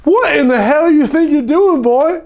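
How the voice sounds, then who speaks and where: A man's voice: very high voice, animated, moderate pace, a little mellow, dull audio, pitched above the performer's own voice. A man putting on the voice of an angry state trooper scolding a teenager, barking and incredulous.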